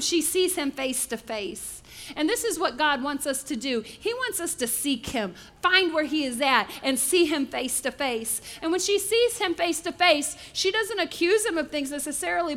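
A woman delivers a sermon as an animated storyteller. She acts out the voices and sound effects of her stories. Her voice sits high and sounds bright. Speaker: preacher.

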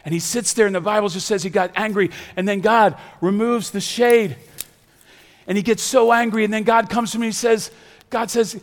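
High-voiced emphatic male pastor. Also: fairly even intonation, normal speed, long reverb tail. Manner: emphatic, repeats lines, swings from loud to hushed. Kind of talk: sermon. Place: large church serving several sites.

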